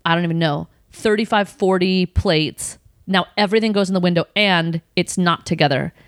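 A woman telling a work story in casual chat, animated and swearing, acting out what she said back then. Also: lowish voice, moderate pace, no room sound, clean studio sound. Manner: animated, swearing, acts out her own past lines.

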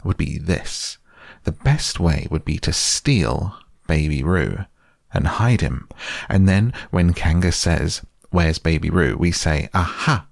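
A man's voice: sits low, animated, gravelly, dry recording, studio quality, heavily acted. A man doing a bossy fussy rabbit. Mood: scheming. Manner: brisk, lecturing, careful. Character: bossy fussy self-important male rabbit. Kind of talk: storybook reading.

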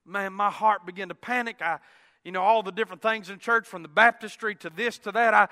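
Preacher man, bright high voice, storytelling sermon in a reverberant sanctuary, loud-to-hushed delivery. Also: steady tone, a little fast. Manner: swings from loud exclaiming to hushed tones. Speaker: pastor. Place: church sanctuary.

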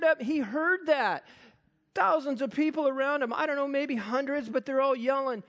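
Animated preacher with a high voice. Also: male voice, moderate pace. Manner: animated, acts out quoted voices. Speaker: pastor. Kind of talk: sermon.

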